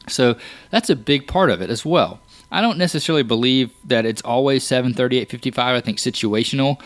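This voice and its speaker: A man's voice: medium pitch, dry recording. Plain-spoken man explaining things casually. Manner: conversational, explains with examples, frequent restarts. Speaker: podcast host. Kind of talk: casual solo podcast talk.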